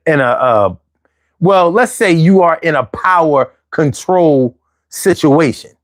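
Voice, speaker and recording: A man's voice: on the high side, no room sound, studio quality. Man with a Philly accent giving advice. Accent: Philadelphia. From Philadelphia. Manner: conversational, slangy, with fillers and jokey asides. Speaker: host. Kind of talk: casual advice talk.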